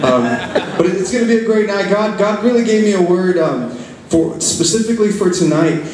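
A man's voice: high voice, moderate pace, distant mic, background noise. Fervent man preaching in echoey hall. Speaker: guest preacher. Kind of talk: sermon. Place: large church hall. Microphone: filmed from far off.

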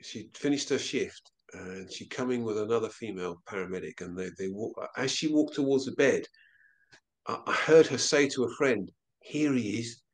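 Man, fairly low voice, interview guest, halting earnest retelling. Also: lively intonation. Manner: halting, earnest storytelling with frequent restarts. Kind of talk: recounting a personal experience in an interview.

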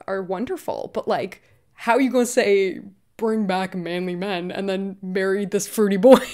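A young woman giving casual, opinionated commentary on her vlog, laughing often and reading posts aloud. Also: mid-range voice. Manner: chatty, laughs often, reads tweets aloud. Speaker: commentary YouTuber.

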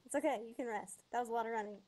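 A woman player speaking politely and gently, coaxing another player in a game. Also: a little high, rapid-fire. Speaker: other player. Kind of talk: in-game voice chat.

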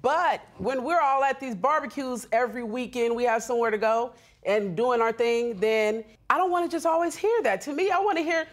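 Woman in her 30s, fired up, telling her side on a tv court show, kinda high voice. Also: moderate pace, hardly any pauses. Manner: animated, indignant storytelling. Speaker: litigant. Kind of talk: courtroom TV testimony.

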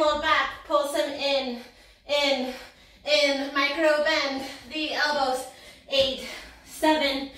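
High-voiced, breathless woman fitness instructor. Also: fairly bright tone, very echoey, recorded from a distance. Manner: upbeat, counting reps and cheering with whoops and laughs. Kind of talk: workout class cueing.

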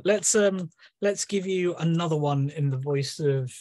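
A man's voice: fairly high pitch, a little slow, mellow, dry recording. A man reading his own poems at an online meeting from a room at home, with casual, hesitant asides full of ums between pieces. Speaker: guest poet reading his work. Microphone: video call.

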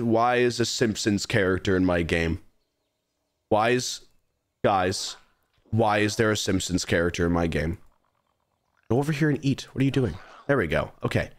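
A man's voice: lowish voice, unhurried. A young man streaming a game, animatedly bossing his creatures around as he plays. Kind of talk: live gameplay commentary.

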